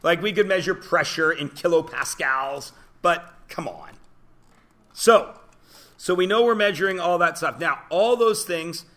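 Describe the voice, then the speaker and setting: Male classroom teacher, casual joking lecture, bright slightly high voice, quizzes students. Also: measured pace. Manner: chatty, joking, asks the class questions.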